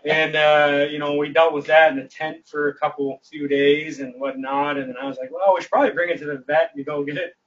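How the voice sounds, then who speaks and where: A man's voice: on the high side, fairly quick, hardly any pauses. A man telling a long, funny story in casual chat, laughing as he goes and acting out the voices of the people in it. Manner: animated, laughs through his story, acts out quoted voices. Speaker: guest. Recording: distant, dull livestream audio.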